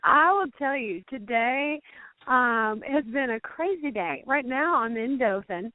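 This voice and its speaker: A chatty Southern woman with a fairly high voice, talking brightly about her busy day. She calls in by phone, so the sound is tinny and dry. The talk is upbeat and loose. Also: animated, unhurried, no echo. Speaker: country singer guest. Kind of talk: casual phone interview. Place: outdoors.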